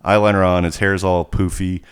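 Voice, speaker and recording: Man, lowish voice, podcast co-host, casual chat, animated rambling storyteller. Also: moderate pace, clear, resonant tone.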